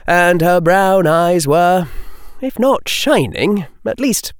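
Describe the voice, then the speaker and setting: A man narrating a story as an audiobook in an expressive, performed reading. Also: sits high, slow, no room sound, clean studio sound.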